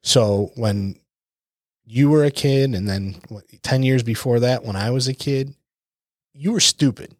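A man's voice: medium pitch, unhurried, dry recording, studio quality. A man co-hosting a podcast, talking in a casual, reflective way and repeating points for emphasis. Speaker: podcast co-host. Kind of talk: casual chat.

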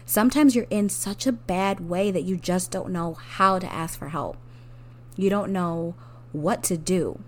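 A woman hosting a podcast, talking earnestly and openly to her listeners about hard times, often with a soft laugh and rising emphasis. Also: lowish voice, measured pace, slight background noise. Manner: speaks directly to the listener. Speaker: podcast host. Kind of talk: personal reflective monologue.

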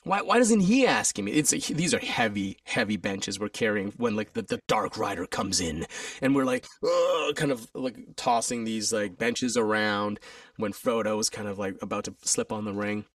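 Speaking at normal speed, this alumnus and stage performer recounts a career story during a conversational interview. He animatedly imitates other people's voices, jumping in pitch. The sound is clean studio audio without echo, captured on a distant mic.

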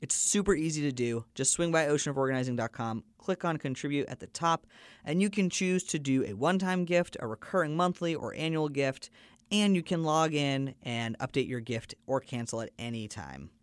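A man's voice: a little high, expressive, moderate pace, clear, resonant tone, no echo. A man hosting a podcast, telling a personal story in an earnest, conversational way. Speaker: podcast host.

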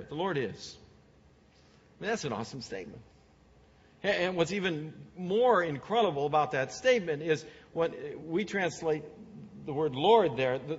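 A man's voice: medium pitch, slightly rough. A male pastor giving a conversational sermon, full of fillers and repeated words, recorded in a church sanctuary. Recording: long hall reverb, dull sound.

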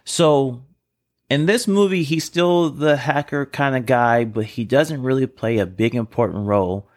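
A podcast co-host chats casually in a mid-range voice at a measured pace. He steers the conversation with rambling opinions.

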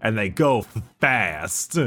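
A man's voice: lowish voice, animated, slow, fairly bright tone. Eager man explaining game lore. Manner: enthusiastic, explains lore in a rush, swears freely. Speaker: podcast co-host. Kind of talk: casual chat.

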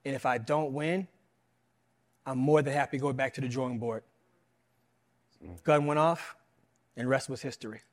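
A man's voice: mid-range voice, steady tone, moderate pace, pauses often. A man recounting his own athletic career in a casual, earnest way, repeating phrases for emphasis. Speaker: athlete guest. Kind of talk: casual storytelling.

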